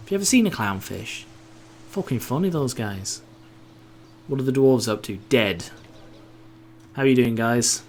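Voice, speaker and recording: A man's voice: medium pitch, lively intonation, moderate pace, long pauses, a little hiss or hum. Grumbling, sweary man narrating gameplay. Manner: grumbling, sweary, muttering to himself. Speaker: gameplay commentator. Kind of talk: casual gameplay commentary.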